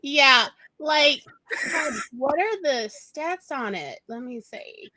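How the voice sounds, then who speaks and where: A woman's voice: high voice, animated, slow pace, pushed and bright, dry recording. A woman co-host chatting casually, enthusiastic and giggly, with fillers. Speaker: co-host, newsletter writer. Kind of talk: casual chat.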